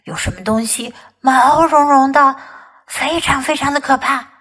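A woman, a native Mandarin speaker, teaching English by reading a children's story aloud in slow, expressive storytelling. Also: sits high. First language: Mandarin Chinese.

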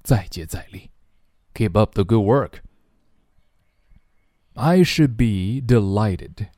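A man teaching English phrases in a slow bilingual drill. He repeats each phrase and explains it in Chinese, acting out its feeling. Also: lowish voice, expressive, mellow, no echo, studio quality.

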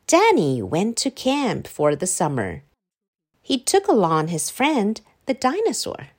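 A woman from China reading a children's picture book aloud in a slow, clearly paced, very animated way. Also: medium pitch. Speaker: storyteller. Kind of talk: children's storybook read-aloud.

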